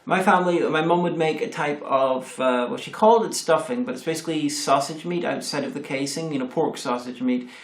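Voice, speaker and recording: A man co-hosting a casual chat, joking and pausing often with "uh". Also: fairly high pitch, reverberant. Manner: hesitant, many "uh" pauses, jokey. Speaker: co-host.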